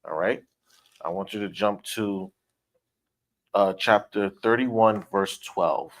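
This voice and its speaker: A fairly low-pitched man teaching scripture on a livestream. He talks emphatically, driving home each point and checking in with "all right?" and "okay?" as he goes. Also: steady tone, slow. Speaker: Bible study teacher.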